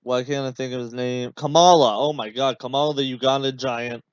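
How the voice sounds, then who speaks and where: A man hosts a casual podcast watch-along, rambling through his thoughts with plenty of fillers and a sarcastic, exasperated edge. His voice sits at an ordinary middle pitch. The recording is dull and dry, with no room sound. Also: fairly even intonation, brisk, clear, resonant tone, dry recording. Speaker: podcast host.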